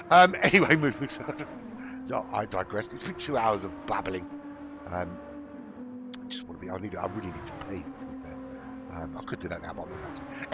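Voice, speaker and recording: A man's voice: on the low side, expressive, normal speed, muffled recording, noisy background. A middle-aged man from London with a London accent, casually commentating on a sim race, chatty and prone to joking digressions. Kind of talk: rambling solo race commentary.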